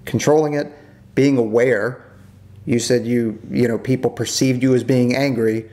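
A man co-hosting a casual podcast, talking about his work as an air controller and jumping up high when he quotes people. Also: moderate pace. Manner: animated, jumps up in pitch when quoting. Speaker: podcast co-host, former JTAC.

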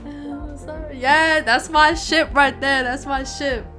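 A woman of about twenty doing excitable, gushing reaction commentary, calling out "bro" and "oh my God" as she watches. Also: high voice, takes it slowly, soft background music. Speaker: YouTube reactor.

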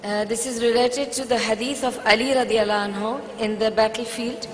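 A woman's voice: fairly high pitch, fairly even intonation, fairly quick. Woman reading questions in roomy hall. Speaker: moderator reading audience questions. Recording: roomy hall with faint noise.

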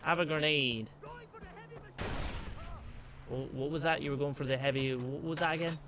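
A man's voice: a little high, steady tone, normal speed. A man commenting on his own gameplay, muttering to himself and cracking jokes at his enemies. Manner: chatty, muttering to himself, jokey asides to enemies. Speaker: gaming let's play host. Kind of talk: let's play commentary.

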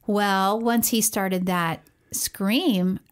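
Animated woman telling a family story. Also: mid-range voice, drawn-out words, clean tone. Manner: animated storyteller, laughs often, acts out quotes. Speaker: podcast co-host, parent. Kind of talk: casual storytelling chat.

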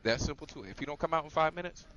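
A man's voice: fairly high pitch, rapid-fire, muffled recording, noisy background. A young man casually telling a profane story between games, laughing between lines and acting out what people said. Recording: gaming stream with music.

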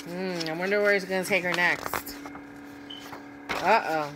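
A woman reads a picture book aloud to children at an unhurried pace. She pauses to ask her young listeners what they see in the pictures. A faint hum sits beneath her voice. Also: fairly low pitch, fairly even intonation. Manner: asks young listeners questions about the pictures. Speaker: children's read-aloud host.

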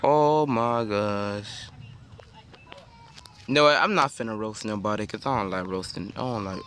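A man's voice: on the low side, fast, bright, forceful tone. A man vlogging casually from a car, talking into a handheld phone with playful, teasing banter. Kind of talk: casual vlog chat.

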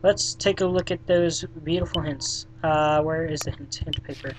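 A let's play gamer giving casual gameplay commentary in a sarcastic, deadpan way, swearing often and reading game text aloud. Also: medium pitch, moderate pace, slight background noise, poor audio.

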